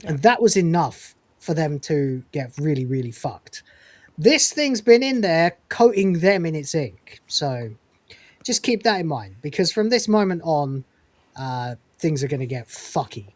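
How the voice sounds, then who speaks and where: A man's voice: on the high side, sing-song, a little slow, no room sound. A man hosting a podcast who recaps a TV episode in casual chat, swearing freely and laughing as he retells scenes. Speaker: podcast host reviewing a TV episode.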